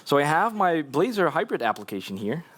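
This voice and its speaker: A man's voice: a little high, sing-song, a little fast, fairly bright tone. A man giving a casual, chatty live tech talk at a conference, with lots of fillers and restarts. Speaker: conference speaker. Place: conference hall.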